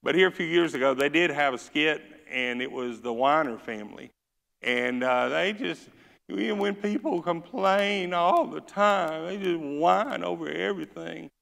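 A man's voice: fairly high pitch, a little slow, vocal fry, a bit bright. A man preaching a sermon with a Southern accent, folksy and joking, reading scripture with rising force. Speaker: pastor. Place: church sanctuary. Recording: church hall reverb.

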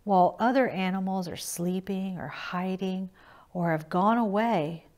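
A woman's voice: mid-range voice, unhurried, a little mellow, lightly acted. A woman doing Little Yak, a curious calf. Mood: eager. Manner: eager, questioning. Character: small curious young male yak calf.

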